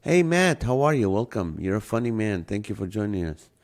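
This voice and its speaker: A man's voice: on the low side, sing-song, fairly quick. Jokey man hosting a live stream. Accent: non-native English accent. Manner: jokey, laughs often, greets viewers by name. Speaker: live show host. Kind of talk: casual live-stream chat reading viewer comments.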